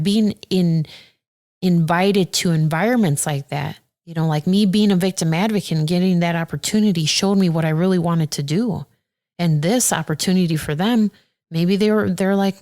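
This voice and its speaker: A woman who is a circuit judge, talking earnestly and warmly as a podcast guest, getting animated when she quotes people. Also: on the low side, normal speed. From Aurora, Illinois. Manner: earnest and heartfelt, animated when quoting others. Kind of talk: casual interview conversation.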